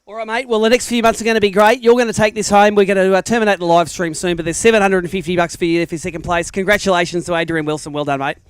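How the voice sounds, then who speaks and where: An Australian man emceeing a live weigh-in, talking quickly in a fairly high register. His voice comes through smooth and clear, and his banter with the anglers is energetic and matey. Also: no room sound. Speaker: tournament emcee. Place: outdoors at a lakeside weigh-in.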